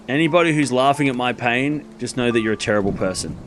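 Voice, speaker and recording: A man hosting a live tennis watchalong stream, calling points play-by-play and bantering sarcastically with chat, swinging from muttered score updates to shouted calls. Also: medium pitch, lively intonation, quick pace, hardly any pauses, faint music behind.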